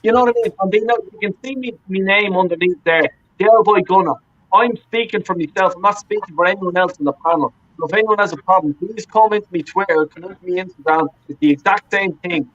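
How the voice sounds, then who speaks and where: A man with a fairly high voice rants on a football fan panel, swearing and circling back over his points. The sound is dull and lo-fi, like call audio. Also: fast, fairly bright tone. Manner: profane, ranting, repeats himself.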